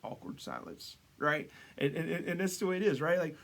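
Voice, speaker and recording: A male pastor with a fairly high voice and some vocal fry talks a little fast through a casual devotional sermon. He keeps it conversational, with many restarts and asides, and his voice climbs on rhetorical questions.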